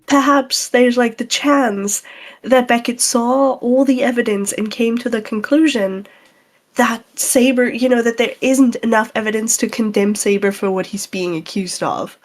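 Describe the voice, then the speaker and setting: A woman's voice: a little high, fairly even intonation, unhurried. A woman streamer chatting casually and incredulously, stumbling over restarts. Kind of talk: casual reaction chat.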